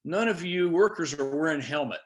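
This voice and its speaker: A man's voice: a little high, expressive, brisk, close to an everyday voice. A man quoting a pushy male government safety inspector in the middle of telling a story. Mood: officious.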